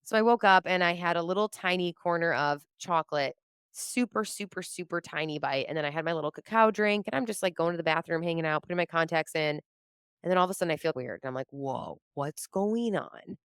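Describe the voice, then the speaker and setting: A woman guest on a podcast telling a story in casual chat, animated and laughing often as she acts out her own quotes. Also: lowish voice, fast, smooth, no room sound, studio quality. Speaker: podcast guest, comedian and entrepreneur.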